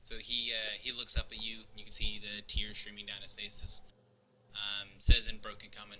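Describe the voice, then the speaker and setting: A man with a lowish, very bright voice narrates a tabletop game as game master. He talks in a halting way with many fillers, and a faint noise sits behind him. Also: monotone, poor audio.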